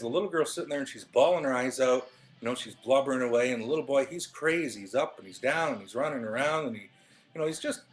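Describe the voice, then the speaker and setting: A man's voice: fairly high pitch, a bit bright. Man rambling through a webcam pep talk. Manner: rambling storyteller with many fillers and restarts. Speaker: vlogger. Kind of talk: casual motivational monologue. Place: living room at home.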